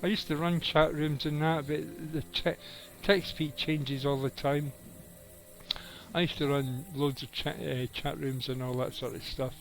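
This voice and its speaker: A man's voice: on the high side, level tone, a little slow, gravelly, fairly bright tone, slight background noise, low-quality recording. A middle-aged man, giving rambling, casual live commentary on his game and chatting with viewers, swearing now and then. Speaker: game streamer.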